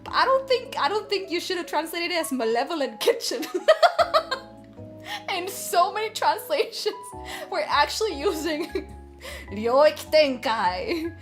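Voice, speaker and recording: Giggly high-voiced woman streamer. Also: sing-song, measured pace. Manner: giggly, gushing, swears freely. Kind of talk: casual livestream chat while cooking. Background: background music.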